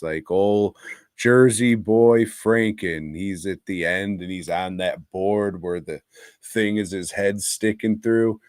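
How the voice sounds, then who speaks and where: This podcast co-host, a man whose voice sits low with a clean tone, reviews movies in casual and profane conversation. His storytelling is animated, with quotes acted out, in clean studio sound with no echo.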